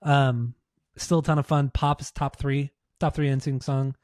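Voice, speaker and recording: A man's voice: medium pitch, flat delivery, normal speed, darkish tone, dry recording, clean studio sound. A man co-hosting a podcast, chatting casually, teasing his co-host and swearing often. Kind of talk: casual chat.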